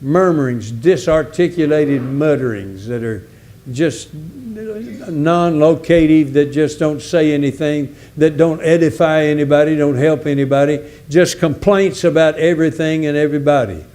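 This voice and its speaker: A man delivering a sermon with a folksy, emphatic delivery. His voice sits a little high for a man, with a mellow, dark-edged tone. He leans on repeated words to drive each point home. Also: unhurried. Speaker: visiting preacher.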